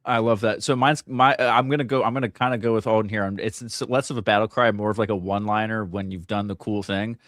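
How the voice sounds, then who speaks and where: A man who produces and co-hosts a live talk show, quick and self-deprecating in his banter. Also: on the low side, steady tone, fairly bright tone, no echo, clean studio sound. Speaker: producer and co-host.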